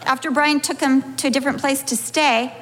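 A woman's voice: sits high, steady tone, brisk. A middle-aged woman, a pastor's wife, telling a humorous personal story and acting out scenes with sudden dramatic shifts. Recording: echoey hall with faint background noise.

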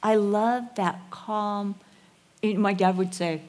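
A woman in her sixties preaching a sermon in a storytelling, playful way, sometimes dropping to a soft hush. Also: mid-range voice, fairly even intonation, slow. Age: 60s.

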